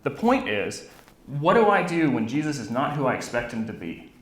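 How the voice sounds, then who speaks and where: A man's voice: medium pitch, big pitch swings, normal speed. A man in his thirties, a Bible professor, giving a conversational teaching talk at a conference, often restarting words and checking in with "right?". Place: conference room. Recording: roomy hall echo.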